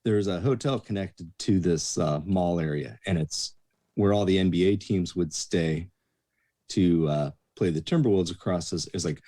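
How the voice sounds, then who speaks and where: Low-voiced man telling bar stories. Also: normal speed. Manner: lively storyteller acting out quoted voices. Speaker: guest, bouncer and bartender. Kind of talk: casual anecdote telling.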